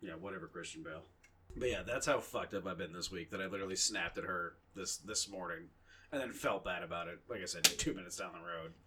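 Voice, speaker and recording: A man's voice: sits low, quick pace, bright, forceful tone, a little hiss or hum. A young man co-hosting a podcast in casual chat, telling rambling, profane, self-mocking stories. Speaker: podcast co-host.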